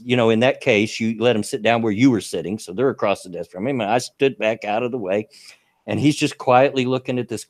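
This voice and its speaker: A man's voice: mid-range voice, no echo. A man hosting a casual talk show, telling a story with frequent chuckles and restarts. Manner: chatty, laughs through his own story, frequent restarts.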